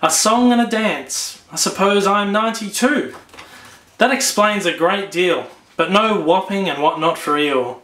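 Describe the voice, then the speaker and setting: A man voicing a gloomy, mopey old male donkey while reading a storybook aloud, with a slow, mournful delivery. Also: high voice, fairly bright tone, reverberant.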